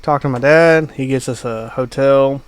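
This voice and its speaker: Speaking at a normal rate in a clean, mid-range voice, a man co-hosting a podcast wanders through a long travel tale during casual chat. His telling is loaded with fillers such as "uh" and "like."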